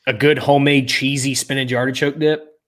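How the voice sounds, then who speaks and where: A man's voice: medium pitch, little pitch movement, a little fast, a bit bright. A young man co-hosting a casual podcast, laid-back and joking, often trailing off mid-sentence. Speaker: podcast co-host. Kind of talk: casual chat ranking party foods.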